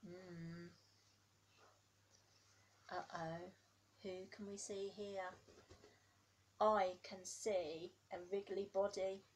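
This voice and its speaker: Slow, gently coaxing woman reading aloud. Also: medium pitch, level tone, a little hiss or hum. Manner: drops to hushed whispers for suspense, then gasps; coaxing, asks the children questions. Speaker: preschool teacher. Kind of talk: reading a picture book aloud to toddlers.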